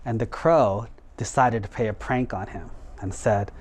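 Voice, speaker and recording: A monk telling a story in a children's sermon, in an animated, playful way. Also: male voice, lowish voice, measured pace.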